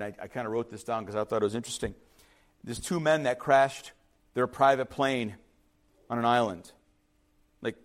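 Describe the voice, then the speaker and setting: A male pastor preaching in an animated, storytelling style. His voice sits high and swings widely in pitch, and he repeats words for emphasis. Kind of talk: sermon.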